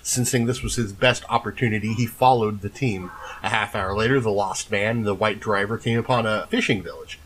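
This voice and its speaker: A man's voice: lowish voice, fairly quick, fairly bright tone, rough recording. A man co-hosting a casual podcast, telling folklore stories between laughing, tipsy banter at home. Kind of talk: casual storytelling chat.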